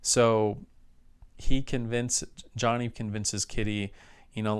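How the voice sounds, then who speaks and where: Low smooth-voiced man recapping a film. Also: steady tone, slow pace. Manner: rambling plot recap with frequent restarts and fillers. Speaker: film reviewer. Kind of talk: casual spoken movie review.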